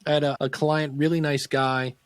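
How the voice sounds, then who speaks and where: A podcast guest, a man with a slightly high voice, tells coaching stories in an easy, animated way. He acts out the people he quotes. His voice sounds dry and close to the mic. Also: moderate pace, clean tone, no room sound. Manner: lively, acts out quoted dialogue. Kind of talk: casual interview storytelling.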